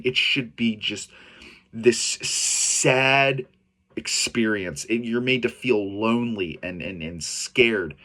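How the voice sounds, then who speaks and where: A man's voice: fairly low pitch, fairly bright tone. A young man giving a casual video review, talking bluntly with swearing and frequent stumbles and restarts. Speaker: show reviewer.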